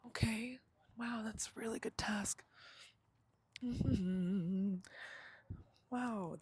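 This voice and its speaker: Low-voiced woman chatting slangily outdoors. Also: a little mellow, husky. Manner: chatty, self-mocking, slangy, laughs often. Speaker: vlogger. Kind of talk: casual live vlog chat.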